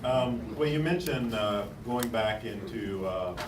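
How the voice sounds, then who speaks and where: A man's voice: fairly low pitch, animated, a little slow, roomy sound, recorded from a distance, background noise. A man interviewing an author on stage, asking questions with lots of hesitations. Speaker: newspaper editor interviewing the author. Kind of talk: onstage interview.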